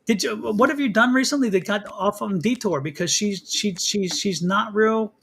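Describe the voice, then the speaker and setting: A man's voice: high-pitched, normal speed, gravelly, a bit bright, slight background noise. A man hosting a live tarot reading, chatty and teasing, often repeating himself. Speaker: psychic reader and host.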